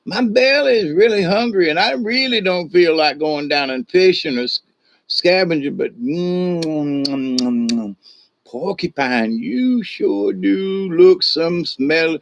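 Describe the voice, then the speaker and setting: A man's voice: a little high, expressive, slow, slight background noise. A man voicing a sly, hungry male mountain lion that drawls and hums over its food in a storybook tale. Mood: greedy. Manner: drawling, savoring, lip-smacking hums. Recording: dull lo-fi recording.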